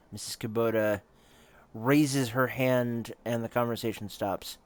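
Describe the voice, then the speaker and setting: A man's voice: steady tone, measured pace. A man running a tabletop role-playing game as game master, narrating the scene and switching into character voices. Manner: switches into character voices, pitch jumping up for questions.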